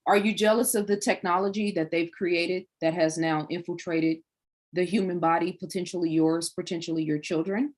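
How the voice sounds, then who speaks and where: A woman with a fairly low voice hosts a livestream, speaking straight to her viewers. She preaches in long runs of rhetorical questions. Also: fairly even intonation, normal speed. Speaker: livestream host.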